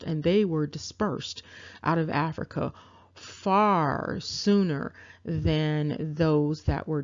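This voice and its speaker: A woman's voice: low voice, vocal fry, a little mellow. Woman lecturing over a map, lo-fi. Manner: measured, explanatory, with many fillers. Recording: dull lo-fi audio.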